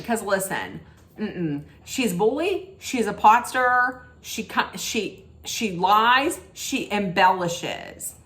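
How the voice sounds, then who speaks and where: Woman host, opinionated reality-show recap rant, emphatic and disapproving, mid-pitched. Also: pushed and bright. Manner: emphatic, disapproving, with frequent "mm-mm" and restarts.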